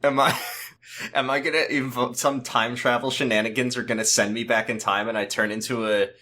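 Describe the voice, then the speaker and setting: A man's voice: medium pitch, fairly even intonation, bright, forceful tone. A man co-hosting a podcast, chatting casually about a TV episode with rambling, self-mocking jokes. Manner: jokey, rambling, quick self-mocking asides. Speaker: podcast co-host. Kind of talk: casual chat recapping a TV episode.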